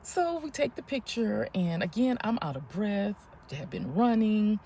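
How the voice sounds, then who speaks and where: Gravelly fifty-something woman, lively storyteller. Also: mid-range voice, measured pace, a little hiss or hum. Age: 50s. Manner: animated, laughing, breathless retelling. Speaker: vlogger. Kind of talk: casual storytelling.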